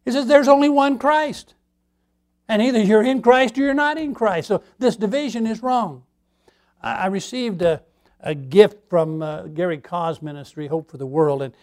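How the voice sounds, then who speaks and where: A man's voice: on the high side, a little mellow. A man pastor preaching a sermon in a conversational way, putting questions to his congregation.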